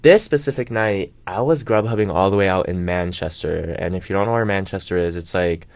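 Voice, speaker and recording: A man's voice: low voice, creaky, dry recording. Rambling young man, dry lo-fi radio mic. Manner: rambling, filler-heavy, quick asides. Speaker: radio co-host. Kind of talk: casual storytelling chat. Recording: dull lo-fi college radio mic.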